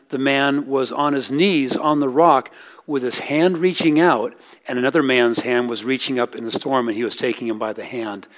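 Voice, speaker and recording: A middle-aged man preaching a sermon, telling stories earnestly, rising for quoted lines and dropping low and soft at key points. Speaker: pastor.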